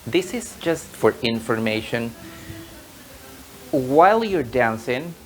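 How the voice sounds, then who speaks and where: A man's voice: mid-range voice, sing-song, slow pace, faint music behind, low-quality recording. A man teaching an online tango lesson, patiently explaining and counting the rhythm aloud in a sing-song way.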